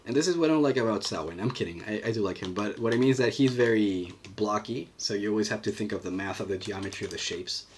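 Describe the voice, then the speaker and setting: Talking fast and barely pausing, a man with a lowish voice streams his animation work, narrating his thoughts as he draws and answers the chat. There's a slight hiss or hum in the recording.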